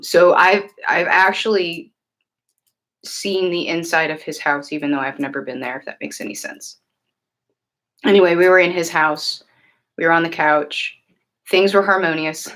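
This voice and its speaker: Earnest rambling woman, low voice. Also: fairly even intonation, measured pace, pauses often, a bit bright. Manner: earnest, rambling, many fillers and restarts. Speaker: livestream host and tarot reader. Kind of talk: casual livestream chat answering viewers.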